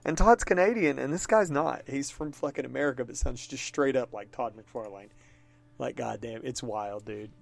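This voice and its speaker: A man co-hosting a podcast, telling an animated, profane story in casual chat. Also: medium pitch, normal speed, gravelly. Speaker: podcast co-host.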